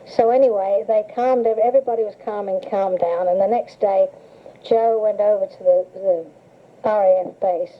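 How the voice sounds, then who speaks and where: A woman's voice: mid-range voice, fairly even intonation, moderate pace. An older woman reminiscing in a chatty, storytelling way and laughing often while she is interviewed. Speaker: interviewee recalling memories. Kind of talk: casual reminiscing. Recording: tinny old cassette tape with hiss.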